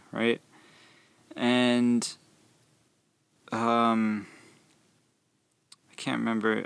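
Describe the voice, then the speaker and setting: A young man who works at a movie theater concession stand, telling rambling, animated stories about customers and laughing as he goes. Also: medium pitch, vocal fry, clear, resonant tone, no room sound. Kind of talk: casual storytelling about work.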